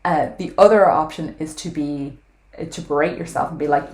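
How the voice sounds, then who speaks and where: Low-voiced woman vlogger, earnest. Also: moderate pace, darkish tone. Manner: earnest, frank, swears casually. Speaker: weight loss vlogger. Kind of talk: casual talk to camera. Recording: echoey room.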